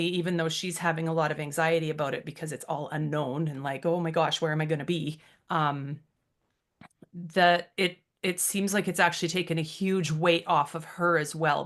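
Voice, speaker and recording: A woman's voice: deep voice, fairly bright tone. A woman in her thirties co-hosting a podcast, speaking reflectively and from the heart, with frequent ums. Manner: reflective, heartfelt, many fillers. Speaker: podcast co-host. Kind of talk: casual podcast chat.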